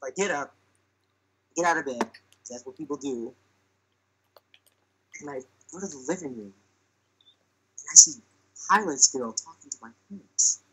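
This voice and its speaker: A young man tells a comic anecdote on a podcast in a loose, chatty way, full of fillers. His voice is bright and has a husky edge, and he acts out the lines he quotes. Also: medium pitch, expressive, measured pace, pauses often, poor audio. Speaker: podcast storyteller. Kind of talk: casual comic storytelling.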